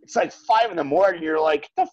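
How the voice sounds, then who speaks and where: A man's voice: high voice, animated, fairly quick, no echo, highs cut off. A man in casual chat, telling a laid-back story with plenty of swearing.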